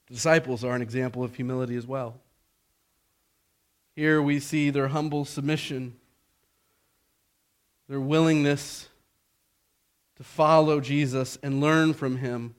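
A man preaching a sermon, swinging between loud exhortation and hushed softness and asking rhetorical questions. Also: mid-range voice, fairly even intonation, unhurried, long pauses, clean tone. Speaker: pastor.

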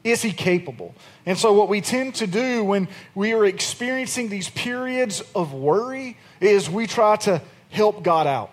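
Pastor, male, thirties, higher voice, conversational preaching that builds in force. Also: animated, measured pace. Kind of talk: sermon. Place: church.

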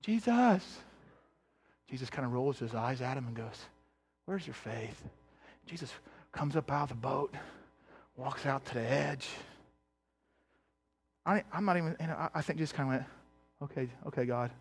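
A man's voice: mid-range voice, fairly even intonation, brisk, creaky, pauses often, husky, faint music behind. A man preaching a casual sermon, retelling scenes with slang and voices, sometimes dropping to a near whisper. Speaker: pastor.

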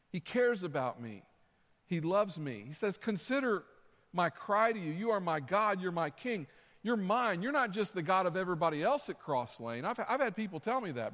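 A man's voice: high voice, a bit bright, long reverb tail. A man preaching a sermon as pastor, earnest and conversational, repeating his phrases. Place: church sanctuary.

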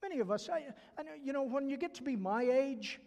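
Brisk and lively in intonation, this older Southern man with a stutter preaches in a very high but dark-toned voice with vocal fry. Earnest and repetitive about key phrases, he acts out quoted voices, and the church sanctuary adds a long, large-hall reverb.

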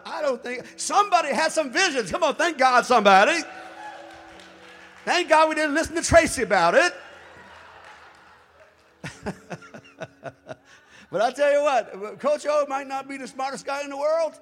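A man preaching a sermon as pastor, swinging between impassioned shouting and quiet asides. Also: very high-pitched, lively intonation, moderate pace, long pauses, in a large hall. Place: church.

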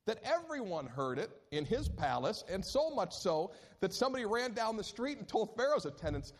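A man preaching a sermon as pastor, telling a scripture story with animated delivery and acted-out moments. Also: high voice, normal speed. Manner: animated storytelling, acting out scenes.

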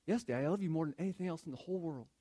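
A man's voice: a little high, very fast, dark tone, lightly acted. A man voicing a little girl who dotes on her dad, told as a quoted part inside a sermon story. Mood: stubborn. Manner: eager, pleading, then tearful.

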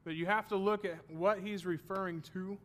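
A man's voice: sits high, fairly even intonation, moderate pace, a bit bright. A man teaching a Bible study class, explaining terms and checking that his students follow, with the odd self-deprecating joke.

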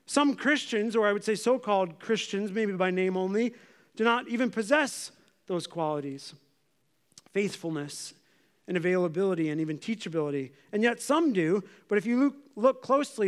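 A man's voice: sits high, lively intonation, moderate pace. A man preaching a sermon as pastor, talking conversationally and putting questions to the congregation. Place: church.

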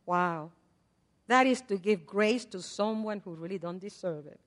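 Older woman preacher, mid-pitched voice, chatty sermon, loud-then-soft delivery, long church reverb. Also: normal speed. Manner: swings from loud repeated prayers to soft asides; conversational, with fillers and laughs.

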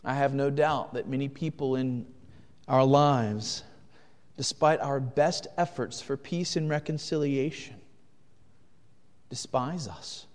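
A man preaching a sermon, earnest, swinging between loud urgent passages and hushed ones. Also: medium pitch, takes it slowly, long pauses, big-room sound. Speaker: pastor.

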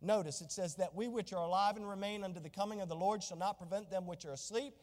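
In a large church hall, a pastor with a high, slightly mellow voice preaches at a quick pace. He reads scripture in its old-fashioned wording and asks questions of the people in the pews.

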